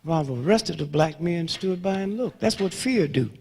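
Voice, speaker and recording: Old guy in his 70s preaching at a crowd, high voice, raspy, big echo off the hall. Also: lively intonation, normal speed. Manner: sweeping swings between hushed murmurs and loud outbursts, rhythmic call-outs. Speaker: speaker addressing an audience. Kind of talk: fiery lecture with storytelling. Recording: long reverb of a large hall.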